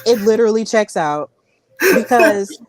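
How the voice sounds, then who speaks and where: A woman's voice: medium pitch, unhurried, over music. A woman hosting a wrestling podcast, chatty and giggly, often repeating herself. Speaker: podcast host. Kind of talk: casual podcast interview.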